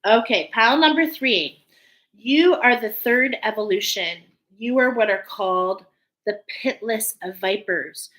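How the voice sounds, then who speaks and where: Casting note: woman, unhurried spiritual card reader, gentle and affirming, emotions close to the surface. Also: a little high, rough recording. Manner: slow, soothing, affirming, openly emotional. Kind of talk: intuitive tarot-style reading to viewers.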